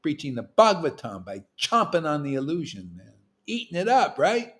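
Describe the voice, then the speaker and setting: Animated streetwise man, fairly high voice. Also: moderate pace. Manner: animated, streetwise, swings between loud and hushed. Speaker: spiritual teacher leading a devotee meetup. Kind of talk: informal spiritual talk. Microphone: livestream mic.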